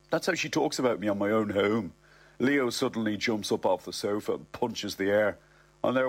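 Middle-aged man, husky and low, deadpan comic reader with indignant asides. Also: normal speed. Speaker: narrator. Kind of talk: comic first-person story reading.

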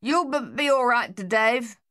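A woman's voice: a little high, lively intonation, measured pace, sharp tone, dry recording, studio quality, voice pushed up. A woman narrator voicing a young male soldier who stammers, in an audiobook. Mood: reassuring. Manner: stutters.

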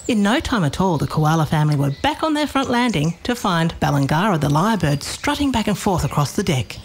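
A woman with a low voice reads a children's story aloud. She tells it gently and expressively, lingering on the soft, cosy moments. A faint hiss of noise sits under her voice. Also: very animated, brisk.

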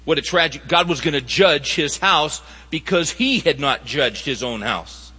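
High bright-voiced preacher in a hall. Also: male voice, animated, a little slow, slightly rough. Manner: emphatic, rhetorical questions to the audience. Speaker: pastor. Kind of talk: sermon. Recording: reverberant hall sound.

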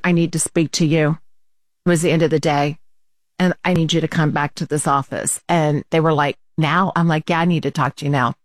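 A woman tells a story in casual chat, lively and laughing as she acts out what people said. Her voice sits a little low. The sound is dry and close. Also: no room sound.

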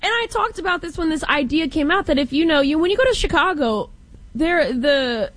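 Young female co-host, casual sports talk, chatty, laughs easily, higher voice. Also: animated, fairly quick, fairly bright tone, no echo. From Northwest Indiana area, studied in Valparaiso.

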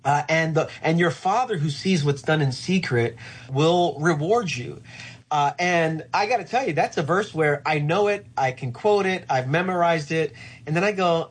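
Male pastor, husky voice, reflective and earnest, conversational. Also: on the high side, moderate pace. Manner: reflective, earnest, frequent "uh" fillers. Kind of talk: conversational interview answer.

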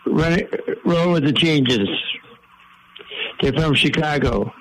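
A man's voice: on the high side, slow, a little hiss or hum, rough recording. A man running a song quiz on a morning radio show, teasing and upbeat.

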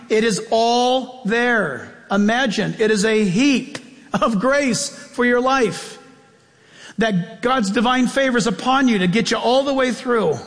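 A pastor preaching a sermon in an emphatic, conversational way, with self-deprecating asides. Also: male voice, very high voice, fairly bright tone, in a large hall.

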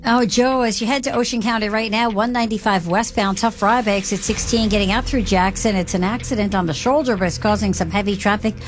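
A woman giving a radio traffic report in a brisk, matter-of-fact way. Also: medium pitch, steady tone, soft background music.

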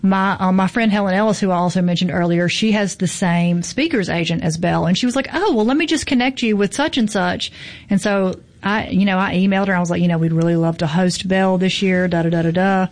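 A woman's voice: lowish voice, fairly even intonation, quick pace, hardly any pauses. A woman, a book festival organizer chatting casually and telling stories, acting out what people said. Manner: chatty storyteller, acts out quoted voices. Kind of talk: casual chat.

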